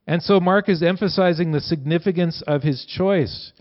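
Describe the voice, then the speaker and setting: Conversational pastor with a lo-fi sound. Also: male voice, fairly high pitch, normal speed, hardly any pauses. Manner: conversational, animated quoting with rising voice. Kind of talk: sermon. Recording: dull lo-fi sound.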